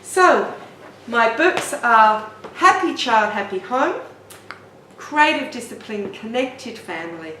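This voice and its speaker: A woman's voice: a little high, slow, slight background noise. Middle-aged woman, parenting tips, encouraging, roomy reverb, distant mic, faint ambience. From Australia. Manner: gentle, encouraging, expressive storytelling. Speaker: parenting author and teacher. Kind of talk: talking-head parenting tips.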